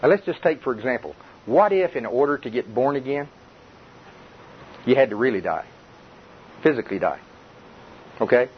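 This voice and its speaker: Older preacher, folksy and chuckling, mid-pitched, on a dull taped recording with faint hiss. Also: male voice, animated, moderate pace, long pauses. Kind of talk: sermon. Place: church before a congregation.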